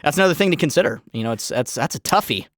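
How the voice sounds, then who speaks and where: A man's voice: a little high, expressive, racing, a bit bright, no room sound, studio quality. A man co-hosting a casual comedy podcast, joking around and laughing often. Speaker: podcast co-host.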